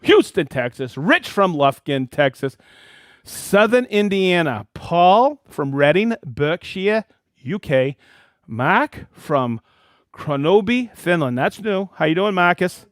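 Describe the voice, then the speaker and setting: A man hosting a weekly live stream, reading out viewers' names and hometowns with excitement. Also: high-pitched, slow pace, no echo, studio quality. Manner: lively, reads viewer names and places with excitement. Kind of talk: live stream shout-outs.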